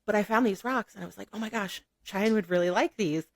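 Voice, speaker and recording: A woman's voice: medium pitch, quick pace, no echo. A woman guest in a casual podcast interview, telling stories with frequent laughs and fillers. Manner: giggly, animated storytelling with many "like" fillers.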